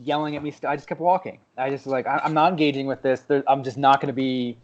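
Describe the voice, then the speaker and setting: A man's voice: medium pitch, fairly even intonation, fast talker. A man co-hosting a podcast, telling a story in casual chat, swearing and laughing as he goes. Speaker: podcast co-host. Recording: dull lo-fi podcast audio.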